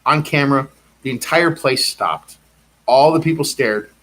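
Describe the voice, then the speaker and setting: A man's voice: medium pitch, unhurried, a bit bright. A man delivering a rambling personal monologue, insistent and repetitive, circling back to the same claims again and again.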